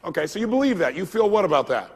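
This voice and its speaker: A man giving an energetic seminar lecture, quizzing a live audience with questions they answer back. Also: high voice, very fast, slightly rough. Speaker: motivational speaker. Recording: long reverb of a large hall.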